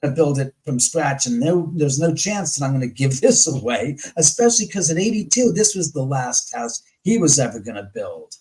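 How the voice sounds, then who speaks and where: Animated man telling a story. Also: mid-range voice, normal speed, few pauses, poor audio. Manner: animated, acts out his own past arguments; swears freely. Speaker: guest. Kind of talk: casual storytelling on a live show.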